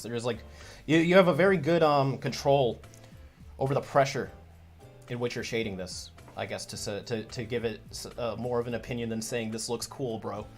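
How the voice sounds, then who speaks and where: A man hosting a casual livestream as a comic creator, chatty and rambling, full of restarts. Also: mid-range voice.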